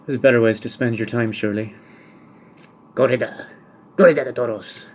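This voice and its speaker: A man's voice: medium pitch, fairly even intonation, normal speed. A man hosting a solo podcast, answering listener questions one by one with dry, wry humour and rambling asides. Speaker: podcast host.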